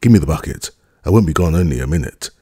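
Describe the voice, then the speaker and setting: A man's voice: a bass voice, expressive, quick pace, warm tone, husky, no room sound, clean studio sound, full character voice. A man voicing a scheming, cocky young boy who coaxes and boasts in a storybook reading. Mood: coaxing. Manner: coaxing and boastful.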